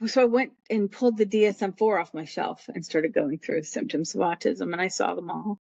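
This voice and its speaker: A woman's voice: on the low side, a little fast, vocal fry, hardly any pauses, darkish tone. A middle-aged woman tells a personal story in a rambling, heartfelt way, slipping into the voices of the people she quotes. Her voice comes through a dull, muffled line with no room echo. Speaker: podcast guest.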